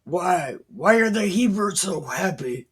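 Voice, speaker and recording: A woman's voice: fairly low pitch, expressive, slow pace, husky, full character voice. A woman playing panicked cursing soldiers. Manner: panicky, swearing.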